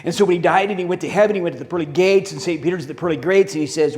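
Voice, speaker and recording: A male pastor races through a sermon in a fairly high, slightly mellow voice, telling stories and putting questions to the congregation. The sound reverberates around a church hall.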